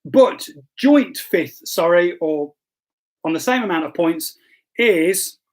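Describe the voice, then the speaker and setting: High-voiced jokey pastor. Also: male voice, animated, slow pace. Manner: jokey and self-deprecating, stumbles and apologizes. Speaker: pastor hosting a live stream. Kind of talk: casual livestream chat, reading quiz results.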